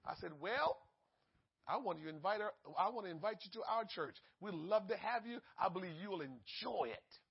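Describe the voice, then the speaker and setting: A man preaching a sermon and telling stories, swinging from quiet asides to loud exhortation. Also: high voice, animated, moderate pace, vocal fry, husky. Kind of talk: sermon storytelling. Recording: muffled lo-fi sermon recording.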